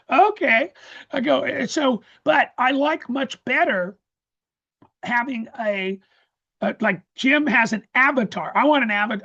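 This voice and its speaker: A man presenting a live webinar, talking excitedly with many restarts and stammers over a video call. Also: high-pitched, dull audio. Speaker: course presenter. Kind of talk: casual live webinar talk.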